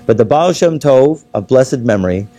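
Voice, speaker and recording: A man with a warm, mellow voice teaching a casual religious class. He talks loosely and keeps checking that his students are following. He restarts his sentences and rephrases as he works through the text. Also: medium pitch, lively intonation, moderate pace, soft background music. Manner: conversational, checks in with the class often; rephrases and restarts while explaining. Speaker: teacher leading a Torah class.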